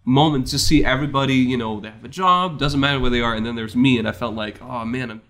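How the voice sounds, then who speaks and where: A young man chatting casually with a friend, talking in a soft, reflective, candid way. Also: medium pitch, quick pace. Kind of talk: casual chat between friends.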